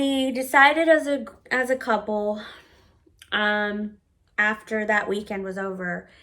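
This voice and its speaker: A woman in her thirties telling a personal story to camera in a blunt, profane, animated way, acting out what people said. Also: medium pitch. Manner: blunt and profane, animated, acts out quoted lines. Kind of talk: casual storytime monologue.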